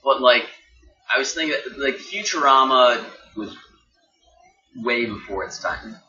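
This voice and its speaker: A man's voice: medium pitch, animated, measured pace, sharp tone. Wry, teasing male podcast host. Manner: wry, teasing, asks the guest questions. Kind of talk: casual podcast chat. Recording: roomy, dull, noisy home podcast recording.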